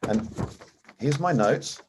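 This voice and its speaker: Slow and medium-pitched, with noisy background sound, a middle-aged man recounts his life as an airline captain during an interview. He performs the quoted dialogue with animation, voicing each person.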